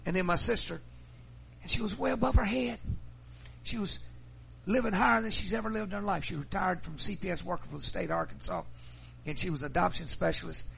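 Brief: middle-aged pastor, gravelly fry, slightly higher voice, muffled recording. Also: male voice, a bit bright. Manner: folksy storytelling. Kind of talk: sermon.

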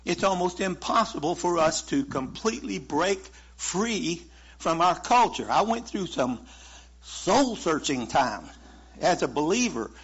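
A man's voice: fairly high pitch, big pitch swings, unhurried, a bit bright, slightly rough. A man preaching a sermon in a folksy, conversational way, chuckling now and then. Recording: muffled lo-fi sermon recording.

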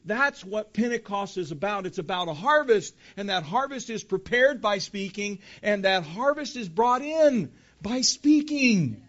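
A man's voice: high-pitched, expressive, moderate pace, fairly bright tone, lo-fi sound. A man preaching a sermon, asking rhetorical questions and building emphasis, calling his listeners folks. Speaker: pastor.

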